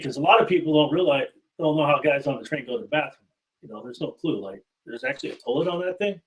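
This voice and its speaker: A man's voice: on the high side, quick pace, fairly bright tone, rough recording. A man speaking as a guest in a casual podcast chat, easygoing and plainspoken with light humor.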